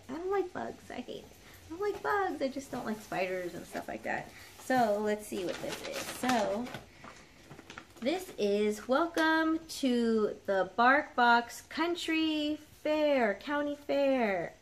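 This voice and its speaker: A woman's voice: on the high side, animated, slow. Gushing woman unboxing for her dogs. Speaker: dog channel vlogger. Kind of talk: casual unboxing chat.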